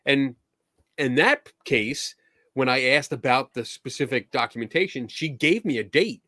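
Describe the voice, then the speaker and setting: A man's voice: mid-range voice, moderate pace, sharp tone, dry recording, clean studio sound. Easygoing man telling stories. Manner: easygoing storyteller, acts out quoted exchanges. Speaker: podcast host. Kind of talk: casual conversational chat.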